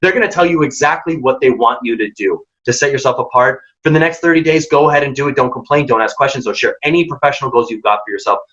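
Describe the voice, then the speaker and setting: A man's voice: mid-range voice, quick pace, few pauses, a bit bright. A man presenting a career workshop, giving direct, emphatic advice and acting out quoted dialogue. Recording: dull lo-fi audio.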